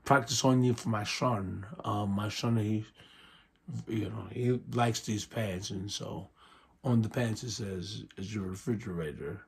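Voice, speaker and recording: A man puts on a strange, fussy lawyer who speaks in a low, breathy near-whisper. He pauses and hesitates, dragging slowly through each request. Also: steady tone, full character voice. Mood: hushed, odd. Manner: slow, hesitant, halting. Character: eccentric hushed male lawyer, odd and fussy.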